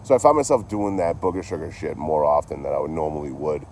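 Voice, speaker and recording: A man with a deep, low voice talks casually to his live chat, wandering through an anecdote with constant swearing and easygoing asides. His delivery is loose and unhurried, with a faint hum of noise behind him. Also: a little mellow. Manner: rambling, heavy swearing, laid-back. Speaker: livestreamer telling stories.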